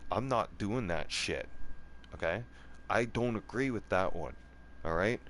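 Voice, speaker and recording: Angry and defiant, a gaming channel host goes off in a profane, repetitive rant, constantly checking in with "right?" and "okay?" as his voice rises and falls. His voice is lowish with a fairly bright tone.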